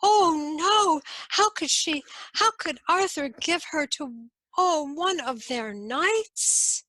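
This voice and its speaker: Woman doing scandalized court ladies, high and shrill, gravelly edge, storybook. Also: very animated, slow pace, pushed and bright, dry recording, exaggerated voice, poor audio. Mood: dismayed.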